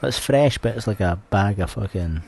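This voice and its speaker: A man's voice: lowish voice, expressive, moderate pace, vocal fry, darkish tone, a little hiss or hum. A young Scottish man co-hosting a casual podcast, swearing a lot and telling stories with laughs. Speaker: podcast co-host. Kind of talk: casual chat.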